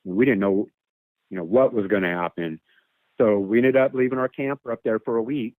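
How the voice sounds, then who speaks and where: This guest speaks in a lowish, brisk voice with no room sound, coming through a tinny, dry phone line. He rambles casually through a long encounter story from his own life, repeating words and mimicking animal calls.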